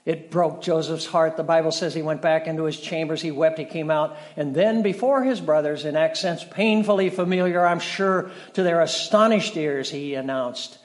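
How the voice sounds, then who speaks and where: A middle-aged male pastor preaching a sermon, telling stories with dramatic shifts between loud and soft. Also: on the high side, normal speed, few pauses. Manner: storytelling, dramatic shifts in volume.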